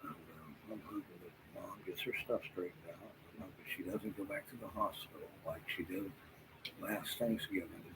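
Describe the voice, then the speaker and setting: Over noisy room sound, a tired man addresses viewers in a low, steady-toned voice. His monologue is halting and rambling, packed with fillers and restarts, and now and then it fades to a near whisper.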